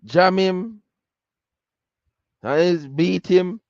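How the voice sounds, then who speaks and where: A man's voice: high-pitched, extremely slow, darkish tone, dry recording. A man hosting a podcast, reacting to a clip in casual commentary and filling his talk with "like". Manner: filler-heavy, keeps saying "like". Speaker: podcast host. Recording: dull lo-fi audio.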